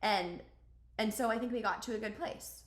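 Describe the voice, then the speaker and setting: A woman's voice: on the high side, normal speed, roomy sound. A woman hosting a podcast, telling a personal story in a casual, chatty way with plenty of "like" and "um". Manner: chatty, many fillers like "like" and "um". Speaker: podcast host.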